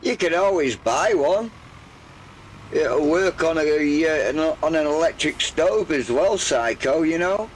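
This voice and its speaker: Older male streamer, croaky, unhurried, meandering chat. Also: fairly high pitch, expressive, a little hiss or hum, low-quality recording. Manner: rambling, hesitant, full of pauses. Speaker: game streamer. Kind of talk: relaxed live gameplay chat.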